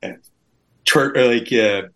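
A man's voice: mid-range voice, takes it slowly, sharp tone. A middle-aged man from Canada, a guest author telling his story in a livestream interview, rambling and often repeating his words.

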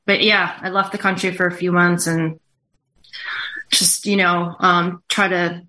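A woman talking as a show guest, halting and earnest, full of fillers and restarts. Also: lowish voice, little pitch movement, sharp tone. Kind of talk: casual interview talk.

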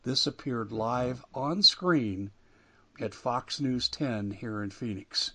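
A man's voice: mid-range voice, takes it slowly, pushed and bright. A man hosting a talk radio show, delivering an emphatic monologue that rises and falls with indignation. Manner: emphatic, rising and falling with indignation.

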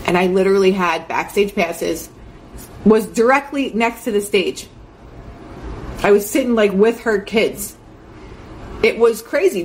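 A woman's voice: medium pitch, a little hiss or hum. A young adult woman giving an earnest, chatty motivational talk, full of fillers like "like". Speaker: host.

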